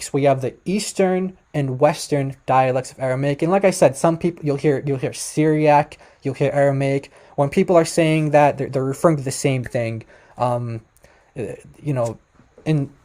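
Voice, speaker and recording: A man with a dark, mellow tone talks viewers through material on his screen in a loose, conversational way. He hedges and corrects himself as he goes, apologizing whenever he is unsure, and he sits at an average pitch for a man. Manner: tentative, self-correcting, apologetic. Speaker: presenter. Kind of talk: casual screen-share explainer.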